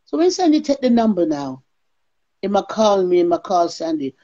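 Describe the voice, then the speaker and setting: Animated storytelling woman. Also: mid-range voice, a little fast. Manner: animated, acts out others' lines. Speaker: guest. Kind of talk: storytelling interview. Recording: lo-fi call audio.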